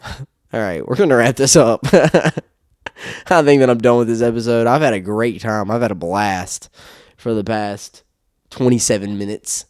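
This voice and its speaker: A man's voice: mid-range voice, unhurried, darkish tone, no echo, clean studio sound. A man hosting a solo podcast, talking casually, often laughing and swearing as he rambles. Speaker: podcast host.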